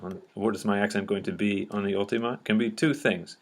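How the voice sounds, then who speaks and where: A man's voice: fairly low pitch, steady tone, fast talker. A man teaching a lecture-style lesson, explaining patiently step by step and often checking that listeners follow.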